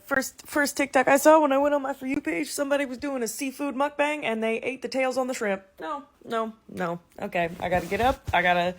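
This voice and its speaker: A young woman, ranting comedically to her phone camera in a brash, profane, riffing way. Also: fairly high pitch. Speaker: TikTok comedian. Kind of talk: casual comedic rant to camera.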